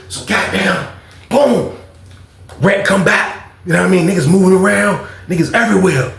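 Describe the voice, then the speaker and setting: A man telling a personal story in a casual vlog, animated and profane, acting out both sides of the dialogue. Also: sits high, moderate pace, gravelly, echoey room.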